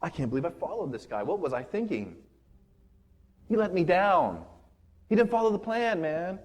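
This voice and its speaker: A hot-headed male warrior disciple, as a preacher puts him on, protesting in a raised, agitated voice. His tone is husky and pitched up high with disbelief. He sounds like a fighter betrayed by his leader. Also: big pitch swings, moderate pace, a little mellow. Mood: bitter, let down.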